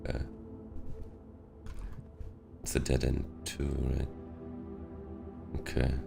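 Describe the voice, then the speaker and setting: A man's voice: very deep voice, completely flat delivery, slow pace, vocal fry. A man from Switzerland with a Swiss accent, casually commenting on a game he is playing and thinking aloud in a self-mocking way. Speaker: game streamer. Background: game music.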